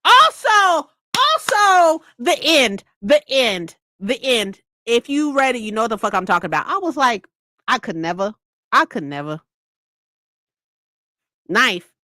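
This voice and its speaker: A woman chats on a live book stream with a lively, swooping delivery and a slightly high voice. Her tone is bright and a bit sharp, and she swears freely as she rants. The sound is dry and close. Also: measured pace, long pauses, no room sound. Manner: animated, profane ranting; laughs often.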